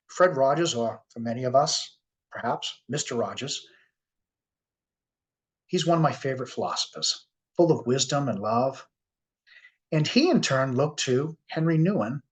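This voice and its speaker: A man with a Boston accent speaks at a workshop in an earnest, heartfelt way. He slows down and pauses between phrases as he tells his story. His pitch sits in an ordinary middle range. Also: poor audio. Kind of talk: reflective keynote talk with storytelling.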